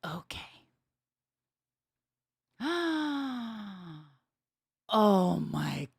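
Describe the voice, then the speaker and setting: A woman bassist talks straight to her stream viewers in an easy, casual way. Her voice sits at an ordinary middle pitch for a woman. She is excitable, laughs a lot and lets the odd mild curse slip. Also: very slow, gravelly, breathy edge. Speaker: bassist hosting a livestream. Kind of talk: casual livestream chat with viewers.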